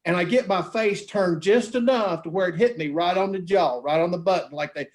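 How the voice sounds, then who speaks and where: A man with a high voice tells lively stories at a brisk pace during a casual chat. He's a guest on the show, a beep baseball pitcher, and he acts out the voices of the people he quotes.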